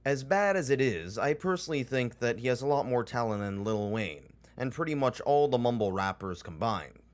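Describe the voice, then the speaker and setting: A man narrating a scripted commentary in a deadpan, mocking tone full of dry sarcasm. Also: mid-range voice, normal speed.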